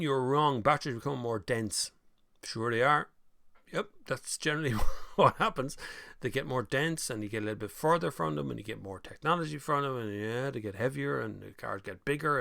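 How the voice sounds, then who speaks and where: A man's voice: mid-range voice, gravelly, a bit bright, no room sound. A man with an Irish accent hosting a live stream, chatting casually and reading out viewer comments, with mocking voices when he quotes people.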